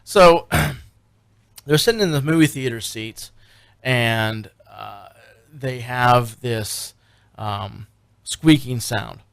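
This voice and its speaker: A man's voice: mid-range voice, extremely slow, gravelly, long pauses, fairly bright tone, dry recording. Brief: male radio co-host, loose casual storytelling, dry booth. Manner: rambling storyteller, many fillers and restarts. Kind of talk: casual radio chat recapping a TV show.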